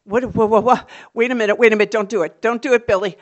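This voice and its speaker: A woman's voice: low voice, racing, highs cut off. A woman voicing herself as a frantic little girl, pleading and repeating herself.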